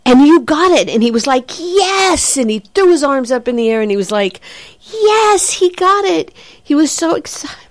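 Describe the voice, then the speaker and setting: A woman psychic medium talks through a reading in a lively, chatty way, full of ums and quick apologies. She keeps jumping into excited, higher quoted voices as she relays what she hears. The sound is dry and close, with no room around it. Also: dry recording. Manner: animated, breaks into excited quoted voices of the spirit, frequent fillers and apologies. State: says she has a headache.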